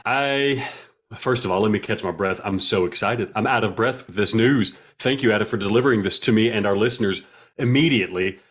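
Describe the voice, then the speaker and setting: A man co-hosting a casual gaming podcast, animated and playfully dramatic in his jokes. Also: on the low side, fairly quick. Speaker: podcast co-host.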